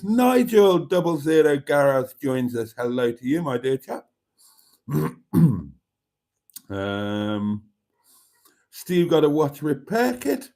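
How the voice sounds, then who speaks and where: A Welsh-born man with a Birmingham accent hosting a casual livestream, chatty and jokey, reading out viewer comments and often clearing his throat. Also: a little high, a little mellow. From Wales. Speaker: livestream host.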